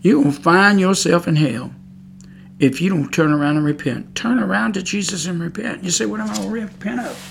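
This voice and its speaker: A woman's voice: on the low side, brisk, vocal fry, slight background noise. A woman preaching on a podcast, emphatic and scolding, repeating her points. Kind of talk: preaching monologue.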